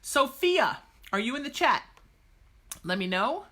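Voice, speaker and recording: A high-pitched woman, very animated and a little slow, sounds pushed and bright as she hosts a psychic podcast. Chatting casually and bluntly with live-stream viewers, she gushes, cheers them on, and breaks into snatches of song.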